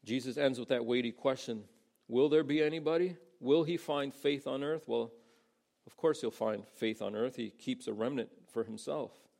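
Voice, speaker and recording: A man's voice: mid-range voice, normal speed, vocal fry, a little mellow. A man preaching a sermon in a casual, conversational way, acting out the people he quotes. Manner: conversational, acts out quoted voices. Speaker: pastor.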